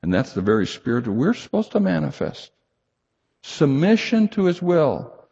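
Husky-voiced male preacher, lively delivery. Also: normal speed. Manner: animated preaching, rising emphatic then dropping low. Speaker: pastor. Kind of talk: sermon. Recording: lo-fi recording in a reverberant hall.

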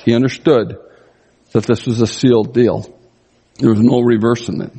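A pastor giving an expository sermon, reading scripture and commenting on it in a conversational, emphatic way. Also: male voice, medium pitch, fairly even intonation, normal speed, pauses often, mellow, husky. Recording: long reverb of a large hall.

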